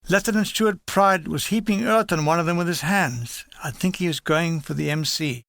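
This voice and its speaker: Gravelly older man reading wry memoir. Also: fairly high pitch, moderate pace, fairly bright tone, dry recording. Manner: dry, wry, matter-of-fact storytelling. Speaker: author reading his own memoir.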